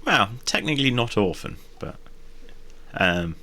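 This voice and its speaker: A man playing a tabletop game, talking in a playful, halting way with restarts. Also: lowish voice, big pitch swings, pushed and bright. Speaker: player.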